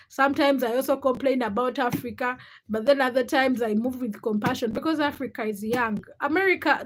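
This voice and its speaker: A young woman in her twenties hosts a casual livestream, chatting with viewers and reading their comments. Her voice sits high, and she's outspoken and animated, often restarting sentences as she thinks aloud.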